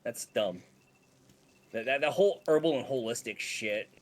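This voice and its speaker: A man's voice: medium pitch, normal speed, over a noisy crowd. A man in casual chat with friends, blunt and swearing when indignant.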